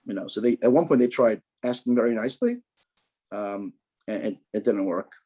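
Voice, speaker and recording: Male rabbi, relaxed dark tone, casual teaching talk, repeats himself, joking asides. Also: on the low side, brisk. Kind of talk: informal kosher guidance talk.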